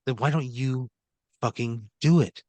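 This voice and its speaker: A man's voice: medium pitch, unhurried, darkish tone, dry recording. A man co-hosting a comedy podcast, reacting in improv with exasperated, profane, stammering complaints. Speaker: podcast co-host playing along in improv.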